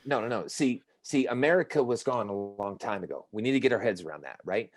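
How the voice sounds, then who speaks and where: A man's voice: fairly low pitch, animated, a little fast, no room sound. A man in casual podcast chat, talking in an emphatic, profane, ranting way.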